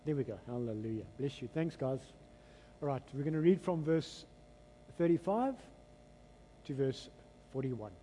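A man's voice: mid-range voice, moderate pace, a little hiss or hum. A man with a South African accent preaching a sermon, leading the congregation in call-and-response and retelling scripture dramatically. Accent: South African English. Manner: animated, dramatic storytelling delivery. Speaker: pastor. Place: church hall. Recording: long hall reverb.

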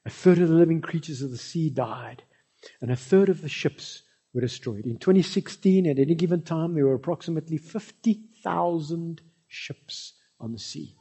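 A man with a South African accent preaching a sermon, swinging between loud cries and soft low asides. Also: moderate pace, slightly rough. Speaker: pastor.

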